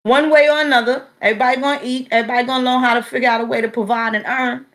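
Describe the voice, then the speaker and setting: A woman's voice: a little high, level tone, very fast, fairly bright tone. Blunt, profane New woman in her forties. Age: 40s. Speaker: vlogger. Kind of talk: casual monologue to camera.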